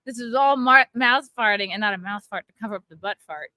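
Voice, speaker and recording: A woman's voice: mid-range voice, fast, sharp tone, dry recording. A woman casually chatting and telling crude stories with lots of laughter. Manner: crude storytelling, laughs often. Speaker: livestream co-host. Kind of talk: casual chat. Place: outdoors by a pool.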